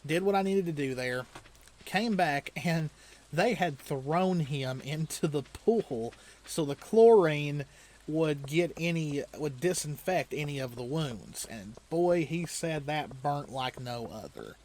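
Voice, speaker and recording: A man's voice: on the high side, animated, takes it slowly, darkish tone, slight background noise. A man hosting a let's play, casually telling a long story while he plays a video game, often chuckling and rambling with restarts. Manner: loose, rambling delivery with restarts.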